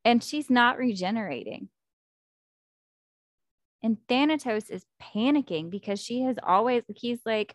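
Woman, casual book chat, animated storytelling, dry close mic. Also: on the high side, a little slow, pauses often, no room sound. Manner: animated, acts out character quotes, fillers like 'like' and 'um'.

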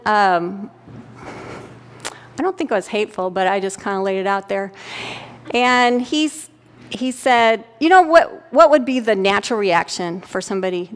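A woman's voice: fairly high pitch, fairly bright tone. A middle-aged woman giving a sermon to a congregation, talking candidly and conversationally and often checking in with her listeners. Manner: conversational, candid storytelling with frequent "right?" check-ins. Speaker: pastor's wife preaching. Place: church sanctuary. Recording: church hall with long reverb.

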